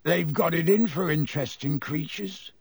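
A man voicing a huge, rough-spoken gamekeeper who talks through choking sobs. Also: a little high, moderate pace, dry recording. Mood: choked. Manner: broken, choked and wailing.

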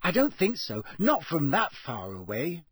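A man's voice: a little high, huge pitch swings, measured pace, slightly rough, no echo, clean studio sound, pitched above the performer's own voice, heavily acted. A man voicing an impatient teenage schoolgirl who keeps correcting her friend.

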